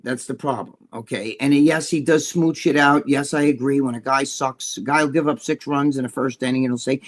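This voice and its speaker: Older man, husky voice, slightly high pitch, cursing, lively storyteller, casual podcast chat. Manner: profane, animated storyteller, laughs while telling. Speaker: podcast co-host.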